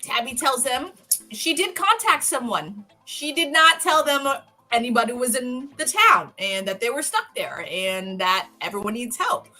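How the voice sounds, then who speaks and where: Brief woman, higher-pitched and bright, swearing freely through an animated casual episode recap. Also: unhurried, soft background music. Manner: animated, profane, storytelling. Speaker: podcast co-host.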